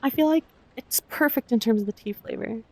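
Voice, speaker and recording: A woman streamer chatting casually with her viewers, soft-spoken and emotional, with frequent swearing. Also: on the high side, fairly quick. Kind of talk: casual live-stream chat.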